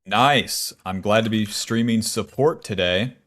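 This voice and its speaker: A man talks loosely through a gaming stream, his voice sitting on the lower side. He swears a lot and grumbles with dry humor. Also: measured pace, a bit bright. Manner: profane, wry, grumbling. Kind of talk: casual gaming stream chat.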